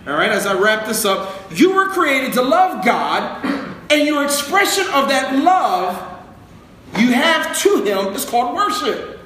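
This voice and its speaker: A man's voice: extremely high pitch, big pitch swings, measured pace, a bit bright. A man preaching a sermon in a conversational, joking way, asking the congregation to repeat words. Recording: very echoey room with faint noise.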